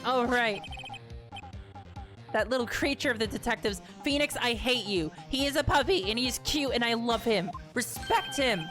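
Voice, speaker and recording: Over game music, a young adult woman streams a playthrough, chatting casually and playfully while reading the dialogue aloud. Her voice is a little high and expressive, at a moderate pace.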